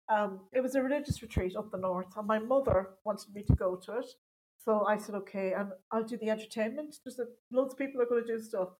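A woman's voice: medium pitch, a little mellow, a little hiss or hum, poor audio. A woman, a stand-up comedian, telling stories in a casual interview and laughing often. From Ireland. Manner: chatty storytelling, laughing often.

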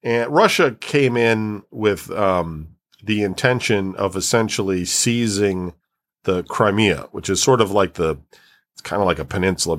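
A man with a somewhat low voice, talking casually in a loose, rambling way. He stops and restarts often and fills the gaps with "like" and "um" while he explains things at length. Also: fairly bright tone. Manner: rambling, many fillers and restarts. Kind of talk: casual chat.

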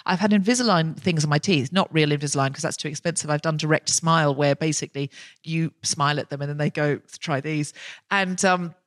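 A woman's voice: low voice, brisk, dry recording, studio quality. A woman hosting a comedy podcast, telling rambling self-mocking stories in a casual chat before a live audience. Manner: chatty, self-deprecating, rambling storytelling. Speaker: podcast host. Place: live recording on stage in a London venue.

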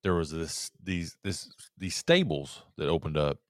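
A man's voice: rumbling low, a little slow, no room sound, studio quality. A man co-hosting a podcast, chatting casually in an easygoing, teasing way. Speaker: podcast co-host. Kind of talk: casual chat.

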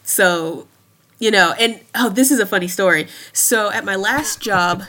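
A woman's voice: mid-range voice, unhurried, bright, forceful tone. A woman in her thirties chatting casually as a podcast guest, laughing often between her thoughts. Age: 30s. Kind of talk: casual chat.

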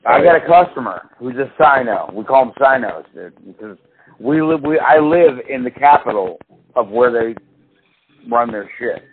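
Swearing, animated man on a tinny line. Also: medium pitch, normal speed. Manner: animated storyteller, swears a lot, acts out quotes. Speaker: podcast co-host. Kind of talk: casual profane chat. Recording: tinny phone-like sound with faint hiss.

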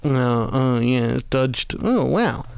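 A man's voice: medium pitch, animated, slow pace, vocal fry, smooth, no echo. A man co-hosting a casual film-ranking chat, rambling and wry with self-deprecating asides. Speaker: podcast co-host.

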